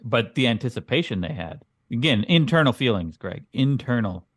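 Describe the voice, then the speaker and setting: Male podcast co-host, deadpan teasing banter, dry close sound. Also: mid-range voice, moderate pace, no echo. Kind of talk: casual comedic chat.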